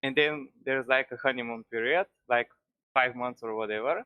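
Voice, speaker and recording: A man's voice: medium pitch, fairly even intonation, normal speed, smooth, dry recording, phone-quality sound. A man, not a native English speaker, calling in to a football stream, talking hesitantly with many restarts. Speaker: caller. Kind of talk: casual call-in chat.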